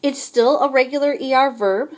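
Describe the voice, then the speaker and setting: A woman's voice: sits high, normal speed, darkish tone. A woman teaching French in a recorded lesson, explaining verb endings patiently and modeling each conjugation aloud.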